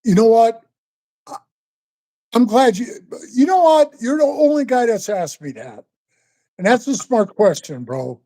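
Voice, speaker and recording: A man's voice: very high-pitched, animated, unhurried, long pauses, warm tone. An older man telling stories in a casual interview, rambling and profane, often calling the listener bro. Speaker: interview guest, former biker club member.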